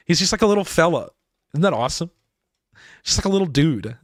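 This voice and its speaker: A man's voice: on the high side, very animated, quick pace, no room sound, clean studio sound. A man streaming a game live, rambling and laughing as he talks to his chat.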